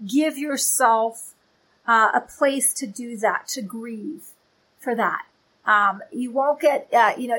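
Woman, Christian author and teacher, slightly high voice, earnest, candid, conversational faith talk. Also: a bit bright, poor audio. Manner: earnest and candid, checks in with "okay?" and "you know".

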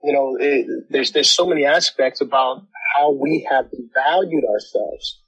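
A man's voice: medium pitch, unhurried, fairly bright tone, slightly rough, poor audio. A man in his forties or older, reflective and a little sarcastic, talking through his past church years in casual conversation and often repeating words as he builds a point.

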